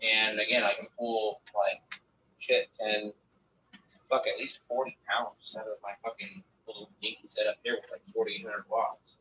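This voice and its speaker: A man's voice: lowish voice, level tone, moderate pace, sharp tone. A man talking casually and profanely about growing, rambling through numbers and stories. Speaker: guest grower. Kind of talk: casual livestream chat. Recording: distant lo-fi mic with faint noise.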